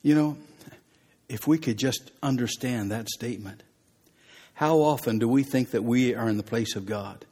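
A man's voice: medium pitch, normal speed, warm tone, husky. Guy preaching casual-like, repeats stuff for emphasis, voice trailing off into a big echoey hall. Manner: plain conversational preaching with restarts and emphatic repetition. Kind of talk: sermon. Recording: long hall reverb.

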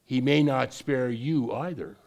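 Preaching at a measured pace, a man with a medium-pitched, slightly mellow voice and some vocal fry drifts off on tangents and keeps starting his sentences over. On the points that matter most, he pushes his voice sharply upward.

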